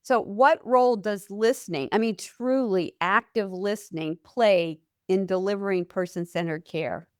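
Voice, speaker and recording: A woman's voice: medium pitch, a little slow, few pauses, clear, resonant tone, no room sound, studio quality. A middle-aged woman, a nurse hosting a podcast, asking questions and telling anecdotes from her nursing work. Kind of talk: conversational podcast interview.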